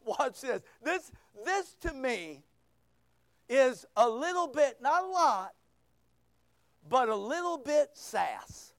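A man's voice: very high-pitched, slow pace, pauses often, no echo, studio quality. A man preaching a sermon, reading scripture and acting out voices as he goes. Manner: animated preaching, acts out quoted voices. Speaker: pastor.

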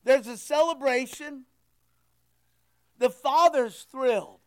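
An older man preaching with a strikingly high voice. He speaks in an unhurried way, loud and emphatic, dropping from near-shouts to quiet asides as he leads his congregation. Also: smooth. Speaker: pastor. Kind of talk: sermon with prayer.

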